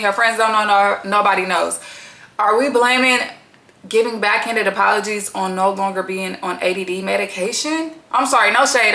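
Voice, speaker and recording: A woman chats through a reality TV recap in a bright, forceful voice that sits a little high. She is blunt and profane, slips into slang, and laughs often. The sound has a noticeable echo from the room. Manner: chatty, slangy and animated. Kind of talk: casual reality TV recap commentary.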